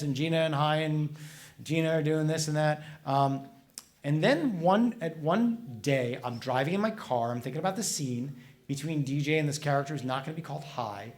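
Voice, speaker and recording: A man, a comics author, chatting with an audience at a library event and answering their questions, animated and quick to act out voices in his stories. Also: a little high. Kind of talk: casual public talk.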